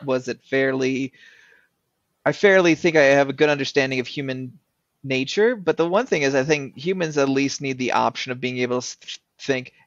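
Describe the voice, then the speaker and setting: Halting man, dry dull recording. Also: medium pitch, no room sound. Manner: halting, restarts mid-sentence. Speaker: podcast co-host. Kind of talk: casual podcast chat.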